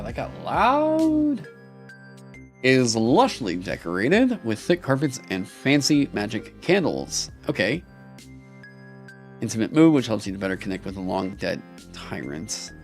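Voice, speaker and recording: A young man on a live stream who reads game material aloud haltingly with many ums, then breaks into excited, swearing asides. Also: fairly low pitch. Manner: swears casually. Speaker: streamer critiquing game designs. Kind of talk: casual live-stream critique.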